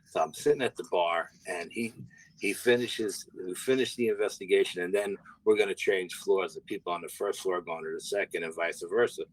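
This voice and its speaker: Low husky-voiced man telling a story. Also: a little fast, low-quality recording. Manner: rambling, repeats words, swears casually. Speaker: guest paranormal investigator. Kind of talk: casual storytelling.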